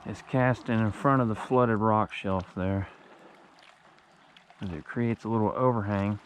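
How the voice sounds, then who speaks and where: A man's voice: lowish voice, unhurried, long pauses, slight background noise. A man narrating his kayak fishing trip on a lake in a casual vlog, sometimes out of breath. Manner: excited outbursts when catching fish. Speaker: fishing vlogger.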